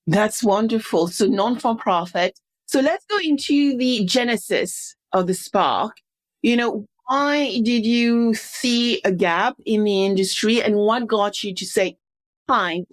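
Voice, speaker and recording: A woman's voice: on the high side, measured pace. A woman hosting a podcast interview, introducing her guest and asking questions with emphatic energy. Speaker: podcast host.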